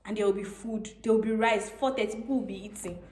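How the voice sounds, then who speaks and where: A woman's voice: medium pitch, steady tone, fast talker, darkish tone. Young Nigerian woman host, chatty and laughing, in a roomy space. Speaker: vlogger host. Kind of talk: casual chat. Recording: echoey room.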